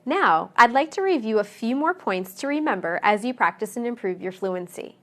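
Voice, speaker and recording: A woman narrating a scripted pronunciation lesson, speaking clearly and deliberately and stressing each example word. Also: on the high side, lively intonation, a bit bright. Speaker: English pronunciation teacher.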